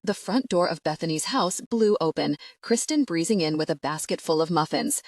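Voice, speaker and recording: Expressive woman narrating a romance novel. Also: on the low side, moderate pace, no echo, clean studio sound. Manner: expressive storytelling. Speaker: audiobook narrator. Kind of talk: scripted narration.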